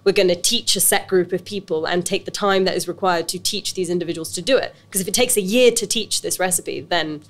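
Here the British guest, an actress who also runs a business, talks briskly on the low side with hardly any pauses. Her casual interview storytelling is chatty and animated, packed with restarts and fillers.

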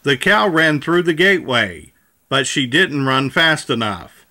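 A man narrating a children's storybook aloud with a measured, clear reading. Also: on the high side, expressive, sharp tone.

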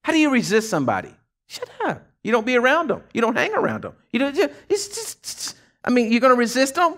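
Preacher guy, high lively voice, folksy and animated, jumps around a lot. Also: fast talker. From Texas. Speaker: pastor. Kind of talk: sermon. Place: church.

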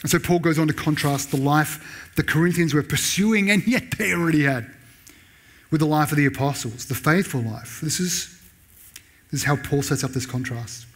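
A man preaching a sermon in a church, raising his voice sharply when he reads out sarcastic lines. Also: moderate pace. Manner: animated preaching, pitch jumping up when voicing Paul's sarcasm. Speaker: pastor.

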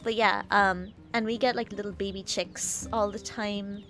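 A woman's voice: mid-range voice, steady tone, unhurried, fairly bright tone, soft background music. A woman game streamer chatting casually on a live stream, rambling, giggly and profane.

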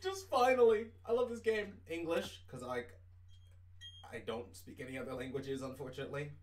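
A man doing let's play commentary as a gaming streamer, excitable, swinging between hushed murmurs and shouts. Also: medium pitch, fairly quick. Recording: roomy room, distant mic, game music.

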